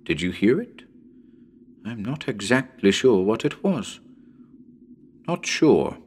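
Brief: man reading as a ghost-hunting radio host, slow and deliberate, swinging wildly between shouts and hushes. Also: big pitch swings, slight background noise. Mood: hushed. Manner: talks straight to listeners, exclaims then lowers his voice. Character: man hosting a live radio ghost hunt, jumpy and chatty. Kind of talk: dramatic reading of a story.

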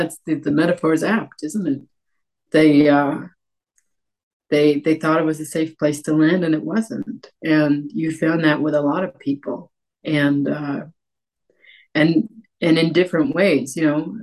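Guest author, woman from Cape Breton, low voice, animated and chatty. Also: a little slow. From Cape Breton, Canada. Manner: animated, many restarts and acted-out quotes. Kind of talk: conversational interview.

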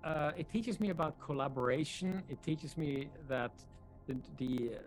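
A man, a film director, answering press interview questions in a thoughtful, halting way with many fillers. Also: on the high side, soft background music, rough recording.

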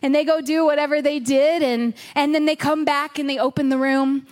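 High-voiced woman pastor telling a story. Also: a little fast. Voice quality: animated, dramatic storyteller with hushed retellings. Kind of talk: storytelling sermon. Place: church stage before a congregation.

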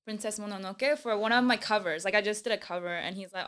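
Bright, smooth-voiced woman musician. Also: mid-range voice, quick pace, hardly any pauses. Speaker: musician guest. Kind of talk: casual podcast chat.

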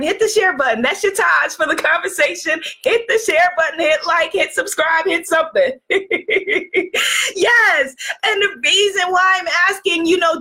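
A woman hosting a spiritual livestream, talking in an effusive, animated way, laughing often and greeting her viewers. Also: extremely high pitch. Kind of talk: inspirational livestream talk.

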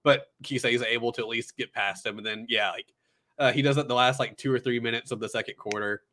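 A man's voice: mid-range voice, steady tone, fast talker, bright, forceful tone. Rambling man recapping a film. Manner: rambling, filler-heavy storytelling. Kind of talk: casual chat recapping an anime film.

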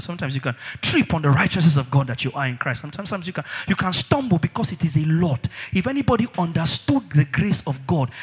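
A husky-voiced man preaches with animation, alternating between shouting and speaking low. He repeats key phrases for emphasis throughout the sermon.

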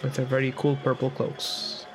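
A man's voice: medium pitch, monotone, normal speed, background noise. A man playing in a tabletop game, chatting playfully and often trailing off and restarting his sentences. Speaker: player. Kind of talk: casual game chat.

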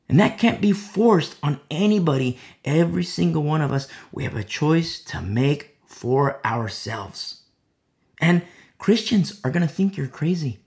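A man preaching a sermon in a gravelly, slightly high voice. He talks loosely with plenty of fillers and sometimes drops almost to a whisper when he prays. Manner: conversational preaching, drops to a hushed voice in prayer; many fillers, acts out quoted people. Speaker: pastor.

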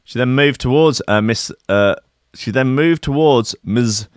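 A man's voice: medium pitch, measured pace, smooth, no echo, studio quality. A man hosting a show, reading out news stories in casual commentary with sardonic, laughing asides. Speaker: host.

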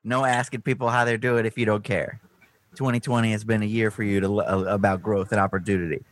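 A man's voice: lowish voice, flat delivery, quick pace. A man hosting a podcast, teasing and lecturing his co-host in casual street slang.

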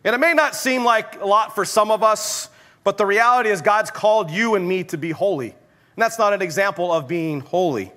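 A young adult male pastor telling a story in a sermon, animated and often laughing at his own anecdote. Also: high-pitched, normal speed.

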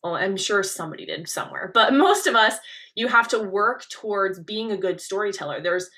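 A young woman hosts a coaching podcast and leans into every point with lively, emphatic stresses. Her voice is bright and forceful, with a mid-range pitch. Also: brisk. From Nebraska. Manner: energetic, leaning-in delivery with emphatic stresses. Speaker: podcast host and pageant coach.

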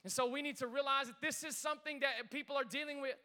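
A man preaching to a church congregation, lively and chatty, often calling on the room to respond. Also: very high voice, fast talker. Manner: energetic, engages congregation with call-outs. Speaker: pastor. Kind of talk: sermon.

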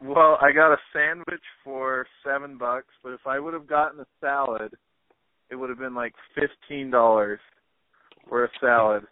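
A man's voice: mid-range voice, steady tone, normal speed, no echo. A man hosting a podcast, chatting casually with many fillers. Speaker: podcast host. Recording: dry, phone-like narrow sound.

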